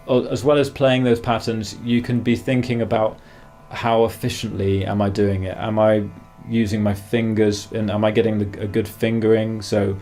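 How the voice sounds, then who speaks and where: A man giving a guitar masterclass, calmly explaining practice exercises and counting beats aloud between demonstrations. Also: lowish voice, moderate pace, hardly any pauses. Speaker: guitar teacher. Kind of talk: masterclass instruction. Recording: faint guitar music behind. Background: guitar playing.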